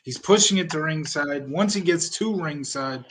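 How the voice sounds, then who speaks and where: A man's voice: a little high, normal speed, fairly bright tone. A man hosting a podcast, casually recapping events with a dry, wry manner. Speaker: podcast host reviewing wrestling. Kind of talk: casual chat.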